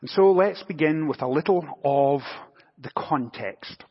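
Pastor, male, a touch high in pitch, husky, in a dull recording with a long church echo. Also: a little slow. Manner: anecdotal, gently humorous storytelling. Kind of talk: sermon.

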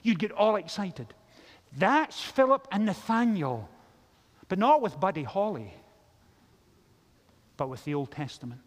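A man preaching a sermon as pastor, telling the story in a lively way and acting out the characters' lines. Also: high voice, measured pace, pauses often. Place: large church. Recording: long church reverb.

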